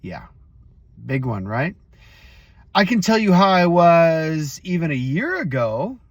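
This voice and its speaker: A man's voice: on the high side, very animated, takes it slowly, no room sound. A man hosting a motivational vlog, telling a story casually and speaking straight to his viewers. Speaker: host.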